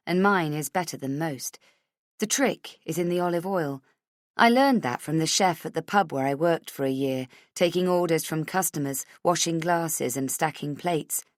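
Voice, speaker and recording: A woman reading a first-person thriller audiobook in a measured, tense way, close to the mic. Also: deep voice, no echo. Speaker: audiobook narrator.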